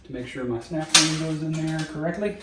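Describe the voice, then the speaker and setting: A man's voice: on the high side, brisk, far from the mic, heavy background noise. Folksy man explaining repairs, echoey garage. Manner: folksy, jokey, explains each step aloud. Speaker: DIY car repair host. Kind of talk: casual how-to narration while working. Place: home garage.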